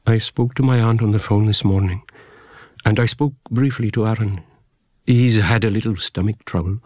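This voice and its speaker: A man reading the lines of a lean, courteous middle-aged father of three in a measured, polite way, close to his own voice. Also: on the low side, darkish tone, dry recording, lightly acted. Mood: calm, polite.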